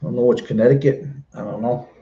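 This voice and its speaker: A man's voice: mid-range voice, fairly even intonation, fast talker, dull audio, slight background noise. A middle-aged man chatting casually on a live stream, rambling and repeating himself as he talks.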